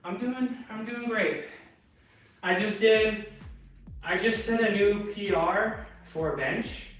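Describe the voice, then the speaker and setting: A man's voice: sits high, takes it slowly, a bit bright, very echoey, recorded from a distance, faint music behind, low-quality recording. A man streaming from his home garage gym, chatting casually with viewers between lifts, out of breath and laid-back. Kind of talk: casual chat with live chat while lifting.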